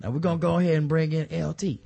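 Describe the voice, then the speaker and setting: A man co-hosting a comedic podcast, jokey and animated, laughing often. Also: on the high side, quick pace, vocal fry, slightly rough. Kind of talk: casual comedic chat.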